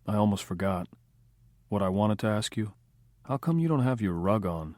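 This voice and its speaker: A laid-back, cocky hustler played by a man reading a crime novel aloud talks in a calm, dry, sardonic way. The voice is deep and sounds close and dry. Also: normal speed, dry recording, lightly acted. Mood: cool. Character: cool, unflappable male Hollywood operator.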